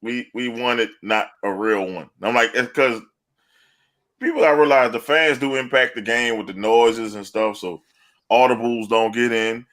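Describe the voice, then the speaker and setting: A man co-hosting a sports podcast, casual chat that breaks into loud, laughing, swearing rants. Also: medium pitch, steady tone, moderate pace. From New Orleans area. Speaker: podcast co-host.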